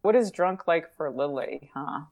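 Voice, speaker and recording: A woman's voice: low voice, lively intonation, measured pace, a little mellow. A woman playing a tabletop game, casual and playful with frequent giggles. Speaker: player.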